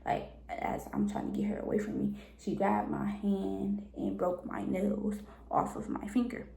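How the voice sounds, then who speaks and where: A woman in her twenties from Cleveland, Ohio, telling a personal story to her channel in a blunt, animated way. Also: medium pitch, unhurried, vocal fry. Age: 20s. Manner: blunt, animated retelling with frank language. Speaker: vlogger. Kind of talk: casual storytime. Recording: echoey room.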